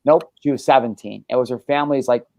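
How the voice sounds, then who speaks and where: A man's voice: mid-range voice, quick pace, vocal fry, mellow, no room sound. A man hosting a casual podcast, talking in a brash, boastful and profane way. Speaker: podcast host.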